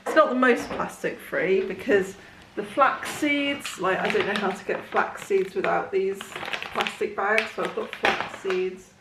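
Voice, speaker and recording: A young woman, chatting casually in a home kitchen while filming a relaxed day-in-the-life vlog, rambling with frequent ums and little laughs. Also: mid-range voice, a little slow, hardly any pauses, heavy background noise. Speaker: vlogger.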